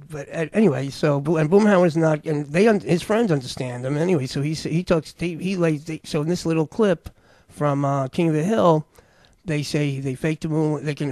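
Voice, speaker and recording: A man's voice: fairly high pitch, a little mellow, dry recording. A man hosting a casual commentary on clips, rambling and restarting his sentences. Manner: rambling, with many restarts and fillers. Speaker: host.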